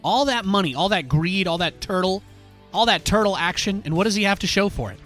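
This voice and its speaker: A man giving lively live gameplay commentary as a streamer, with playful trash talk at his home desk mic. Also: high voice, fairly quick, faint music behind. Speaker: game streamer.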